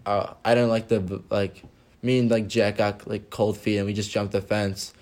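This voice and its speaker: A man's voice: on the low side, little pitch movement, normal speed, a little mellow. A tired young man co-hosting a podcast, rambling through a story in casual chat with restarts and laughs. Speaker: podcast co-host.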